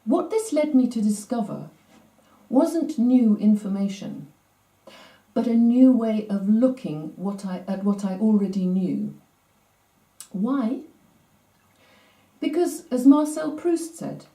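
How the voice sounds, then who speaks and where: A middle-aged woman giving a scripted presentation on language training, in a clear, measured, explanatory way. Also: a little high, very animated, mellow. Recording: roomy echo, distant mic.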